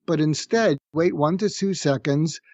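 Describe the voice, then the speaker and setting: A middle-aged man with a somewhat high voice explains conflict techniques calmly and methodically, slowing down to act out example lines. The sound is dry and a little muffled, as if over a remote link. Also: no echo. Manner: calm, explanatory, acts out sample phrases slowly. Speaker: psychiatrist guest. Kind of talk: conversational podcast interview. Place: room with street noise outside.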